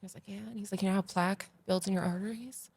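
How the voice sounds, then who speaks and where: A woman, a podcast guest telling stories in a casual, animated way that grows loud and excited. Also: medium pitch, rapid-fire, gravelly, slightly rough. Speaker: podcast guest, agency founder. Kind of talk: casual interview storytelling.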